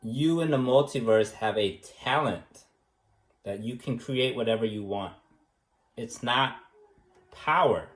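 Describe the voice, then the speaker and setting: A man giving a rambling, joking recommendation speech as an art teacher, teasing in a deadpan way and tagging his points with questions. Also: medium pitch, moderate pace. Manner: teasing, deadpan, many fillers and tag questions. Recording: echoey room.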